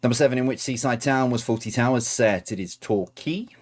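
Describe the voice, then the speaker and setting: A man's voice: medium pitch, brisk, a little mellow. A man reading out quiz answers as host, adding chatty, self-correcting asides.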